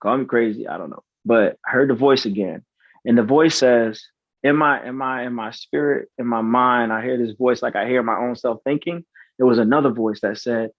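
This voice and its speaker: A man in his thirties, a podcast guest, telling a personal story in a halting, earnest way with many restarts and fillers. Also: mid-range voice, no echo. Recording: slightly dull, dry recording.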